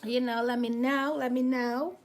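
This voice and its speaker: A woman's voice: sits high, steady tone, measured pace. A woman with a light West Indian accent, chatting casually on a makeup livestream, thanking viewers and tripping over her words now and then. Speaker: beauty vlogger on a livestream.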